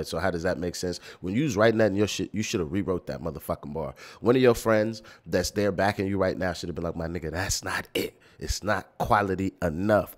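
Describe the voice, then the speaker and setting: Deep-voiced American man reacting bluntly. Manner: blunt, incredulous, swears a lot. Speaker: reaction video host. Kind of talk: reaction commentary.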